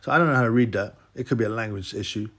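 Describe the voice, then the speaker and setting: A man hosting his boxing channel, musing out loud in a rambling, casual way with many restarts. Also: fairly low pitch, racing. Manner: rambling, restarts, mock voices for quotes. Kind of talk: casual solo commentary.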